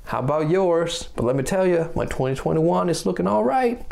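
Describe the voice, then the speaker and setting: A man's voice: on the high side, animated, moderate pace, gravelly, darkish tone. Man telling a comic story. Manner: punchline delivery. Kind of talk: stand-up storytelling.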